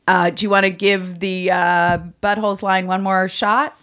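A woman's voice: mid-range voice, little pitch movement, normal speed, a bit bright, smooth. A woman in her forties hosting a podcast, chatting casually and teasing her guest, often laughing. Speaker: podcast host. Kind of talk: casual comedic chat.

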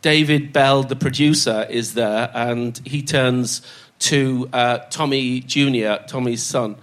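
A man's voice: mid-range voice, fairly even intonation, takes it slowly, a bit bright. An older man telling stories as a podcast guest, laughing as he goes and doing the voices of the people he quotes. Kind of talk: anecdotal storytelling.

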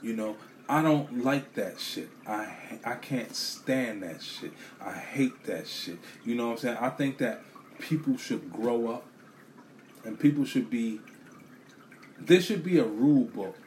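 Animated man on a profane rant. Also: mid-range voice, a little slow, a little hiss or hum. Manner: animated, swears a lot, repeats himself.

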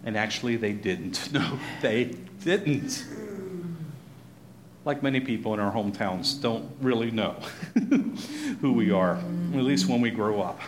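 Animated man teaching Scripture, echoey room. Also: fairly low pitch, moderate pace. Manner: animated, acts out crowd voices, chuckles often. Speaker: Bible teacher. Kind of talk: conversational Bible teaching. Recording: echoey room with faint noise.

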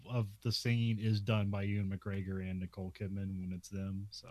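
A man's voice: lowish voice, completely flat delivery, brisk, darkish tone, dry recording. A man co-hosting a casual movie podcast, rambling with fillers and laughs. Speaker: podcast co-host.

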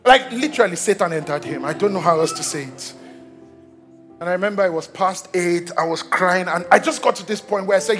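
Nigerian guy in his 30s preaching, pretty high voice, animated storyteller, faint music under it. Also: brisk. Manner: animated storytelling, repeats words, acts out quotes. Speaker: pastor. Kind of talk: sermon.

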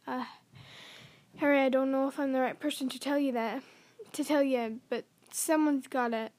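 A woman reading the part of a huge, gruff but kindly male groundskeeper, in a rough, folksy, blustering way. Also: high voice, fairly even intonation, moderate pace, darkish tone, natural voice. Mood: earnest.

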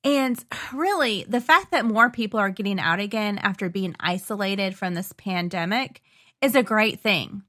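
A woman co-hosting a casual chat, bubbly and quick to laugh. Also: mid-range voice, animated, sharp tone. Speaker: podcast co-host.

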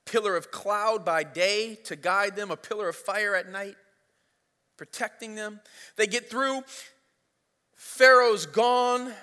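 A man's voice: high-pitched, slow pace, bright, forceful tone, clean tone. A man preaching a sermon as pastor, retelling the story in a casual, playful way. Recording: reverberant hall.

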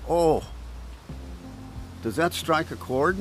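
A man's voice: fairly high pitch, lively intonation, a little slow, soft background music, low-quality recording. A man giving a conversational devotional talk outdoors in a breeze, asking his listeners questions. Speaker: preacher. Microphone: camera on a stand.

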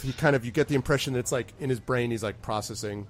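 A man's voice: medium pitch, quick pace, slight background noise. A man narrating as game master of a tabletop game in loose, chatty talk full of fillers.

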